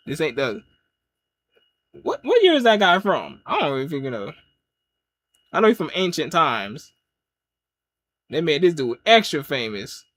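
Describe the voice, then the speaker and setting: A man giving a casual watch-along review of a wrestling show, rambling through jokes and rants and laughing often. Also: on the high side. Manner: loose, joking rants with frequent laughs.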